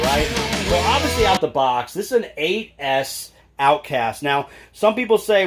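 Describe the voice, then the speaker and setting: Upbeat guy, fairly high voice, chatty hobby reviewer, music bed under him. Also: lively intonation, moderate pace. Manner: enthusiastic, chatty, many fillers. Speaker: RC product reviewer. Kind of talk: casual product walkthrough.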